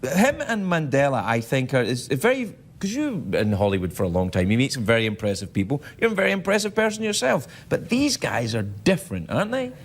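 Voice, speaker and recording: A man's voice: mid-range voice, big pitch swings, fairly quick, few pauses. A man hosting a late-night talk show in a TV studio, joking and bantering with guests, often stammering and restarting. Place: TV studio with a live audience.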